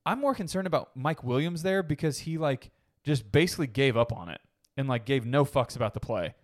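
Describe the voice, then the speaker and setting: A man co-hosting a casual sports podcast, talking fast and animated, and swearing freely. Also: mid-range voice. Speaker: podcast co-host.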